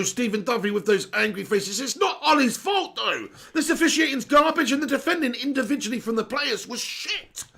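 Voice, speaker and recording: A man's voice: high-pitched, creaky, pushed and bright, breathy edge. A young man hosting a live football watch-along, ranting in exasperation and repeating himself, his voice strained and sore.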